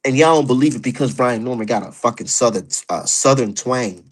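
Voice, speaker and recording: A man's voice: mid-range voice, brisk, husky. A man ranting about boxing on his stream, heated, profane and mocking. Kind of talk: opinionated casual rant.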